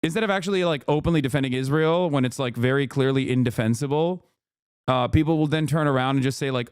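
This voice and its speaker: A man's voice: medium pitch, quick pace, smooth, dry recording, studio quality. A man streaming live, reacting to clips with sarcastic, mock-outraged asides and rambling restarts. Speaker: political streamer.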